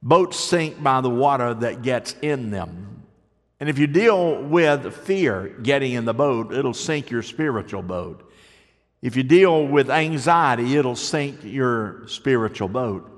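Older pastor preaching in a reverberant hall. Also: male voice, mid-range voice, takes it slowly. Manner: storytelling, moving from lively to hushed and soft. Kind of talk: sermon.

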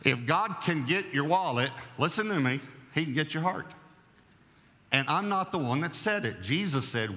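A man preaching a sermon as pastor, emphatic and repeating key phrases, slowing down to read scripture. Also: fairly high pitch, animated, bright, forceful tone. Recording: long hall reverb.

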